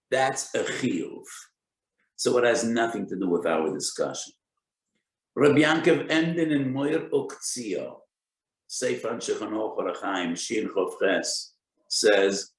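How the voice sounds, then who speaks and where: A man giving a Torah lecture as a rabbi, speaking deliberately and citing sources with Hebrew terms. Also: on the low side, animated, creaky, roomy sound, poor audio. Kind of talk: Torah lecture on Jewish law.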